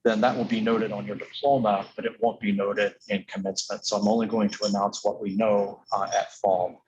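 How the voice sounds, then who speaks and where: A college official, a man, walks graduating seniors through ceremony rules over a video call. His voice sits on the low side, and he talks in halting stretches full of fillers. He turns earnestly pleading when asking for their help. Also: flat delivery, a little mellow, dull audio, a little hiss or hum. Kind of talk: informational briefing to students.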